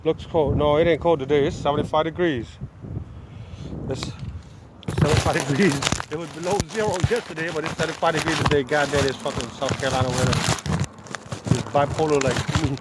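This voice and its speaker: A man's voice: on the high side, steady tone, fairly quick. Dad teasing his kid at the creek, joking around, outdoor phone vid with noisy background. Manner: teasing, trash-talking, laughs a lot. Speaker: father filming a fishing trip. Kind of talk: casual joking banter.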